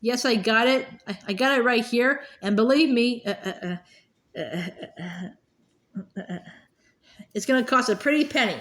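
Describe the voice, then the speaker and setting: A woman voicing a gruff, haggling older male bookseller with a thick accent who stammers and grumbles. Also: on the high side, moderate pace, fairly bright tone, lightly acted. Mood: exasperated.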